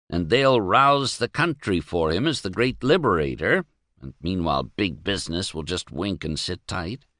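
A man reading a wry, outspoken middle-aged man who rambles with sardonic emphasis. His voice sits low and swings widely in pitch, and the sound is dry and close. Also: fairly bright tone, no room sound, exaggerated voice.

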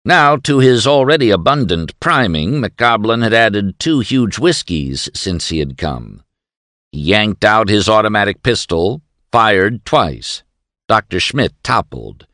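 A man reading a novel aloud as narrator in a measured, expressive storytelling manner. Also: on the low side, dry recording, studio quality. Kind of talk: audiobook narration.

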